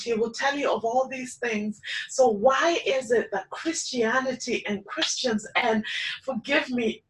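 Casting note: a young woman with a slightly high voice, giving a chatty, personal sermon with frequent filler ums. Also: a bit bright, distant mic, rough recording. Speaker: preacher. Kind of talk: informal sermon.

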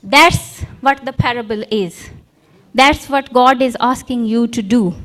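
Woman, preacher, sermon, high-pitched, animated storytelling. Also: a little slow. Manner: acts out parable characters with props and volunteers.

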